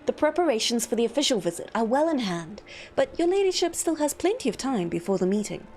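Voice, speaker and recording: A woman's voice: a little high, sing-song, fast talker, darkish tone. A woman voicing a villain-coded male secretary who speaks with formal, fawning politeness in a raised voice. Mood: smooth.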